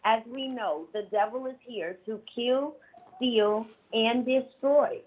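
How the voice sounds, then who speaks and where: A woman's voice: fairly high pitch, slow pace, husky. A woman speaking with passion and a preachy tone to a talk-show audience. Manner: impassioned, preachy. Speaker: segment speaker. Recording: tinny phone line.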